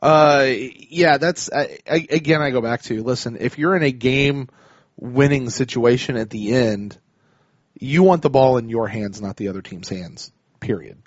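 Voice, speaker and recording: A man's voice: mid-range voice, a little slow, no echo. A man co-hosting a sports podcast, reading listener emails in a laid-back, chuckling way. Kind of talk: casual sports chat. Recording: dry, slightly dull podcast audio.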